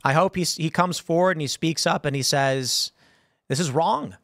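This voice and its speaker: A man's voice: on the high side, normal speed, fairly bright tone, no echo. Stammering male host, dry close sound. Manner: stammering restarts, repeating words. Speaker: commentary show host. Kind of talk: casual commentary monologue.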